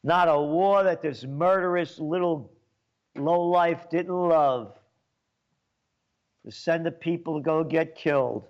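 A man ranting sarcastically as a commentator, scornful, with sudden bursts of loud speech. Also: fairly high pitch, takes it slowly, pauses often. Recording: dull lo-fi sound.

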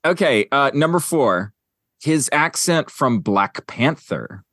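A man's voice: medium pitch, animated, slow, a bit bright, no room sound, studio quality. A man hosting a podcast in casual chat, rambling with lots of fillers as he counts down a list. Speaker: podcast host.

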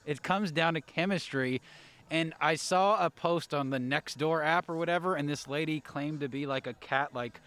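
A man's voice: on the high side, normal speed, fairly bright tone, clean tone. A man hosting a podcast, chatting loosely and joking with some swearing. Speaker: podcast host. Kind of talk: casual podcast chat.

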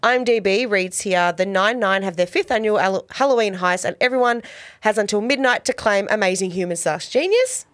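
A woman's voice: mid-range voice, a little fast, a bit bright, no room sound, studio quality. A woman co-hosting a podcast, chatting casually about a TV episode, laughing often and reading synopses aloud. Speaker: podcast co-host. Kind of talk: casual TV recap chat.

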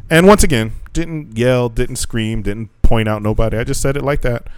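A man co-hosting a casual podcast chat, telling animated teaching stories, swearing freely and acting out quotes. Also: mid-range voice, normal speed, clear, resonant tone, dry recording.

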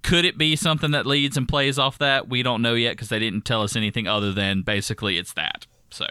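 A man's voice: medium pitch, fairly quick, clean tone, no echo, studio quality. A man with a thick Southern accent, co-hosting a casual gaming podcast in a chatty, rambling way. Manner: chatty, rambling, animated when ranting. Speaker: podcast co-host. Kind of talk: casual chat.

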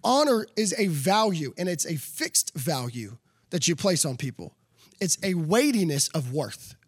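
A man's voice: on the high side, sing-song, measured pace, slightly rough, no room sound, studio quality. A man preaching a sermon, telling a personal story with laughs and building to emphatic calls.

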